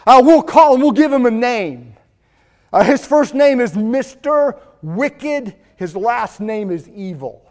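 Male preacher, very high voice, very slow and emphatic sermon delivery. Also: expressive. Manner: slow, emphatic preaching with long pauses, rising to shouts.

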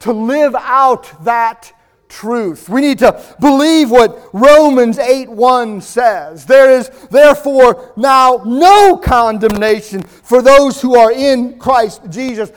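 Slow, high-voiced male preacher. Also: smooth. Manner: slow, emphatic preaching with long pauses, rising to shouts. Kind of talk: sermon.

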